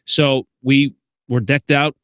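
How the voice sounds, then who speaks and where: A man's voice: medium pitch, level tone, slow, no room sound, clean studio sound. Chatty man with a Chicago accent. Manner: chatty, repeats words and restarts, many fillers. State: short on sleep. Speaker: sports commentator. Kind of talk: casual talk to camera.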